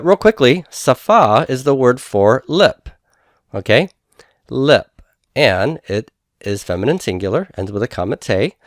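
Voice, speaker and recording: Low-voiced man teaching grammar. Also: dry recording, clean studio sound. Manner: patient, explanatory, sounds out syllables slowly. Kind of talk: recorded classroom lecture.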